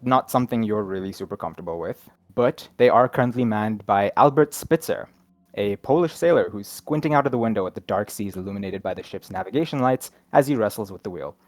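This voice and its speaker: A man's voice: on the low side, fairly quick, dry recording. A man narrating as game master of a tabletop horror game, in a descriptive style. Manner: descriptive, laughs easily.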